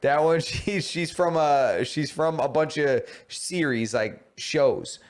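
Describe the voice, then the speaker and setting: A man's voice: fairly high pitch, slow. A man co-hosting a podcast, speaking bluntly and jokingly with plenty of slang. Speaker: podcast co-host. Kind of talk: casual chat.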